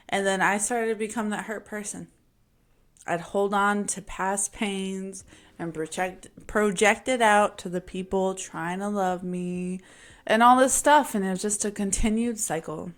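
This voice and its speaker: A woman vlogger talking openly about her own life in an emphatic, casual monologue. Her pitch sits in a middle range, and her delivery is slangy and confessional. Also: steady tone, measured pace. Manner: emphatic and confessional, sometimes laughing. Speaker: vlogger sharing a personal story. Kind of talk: candid personal monologue.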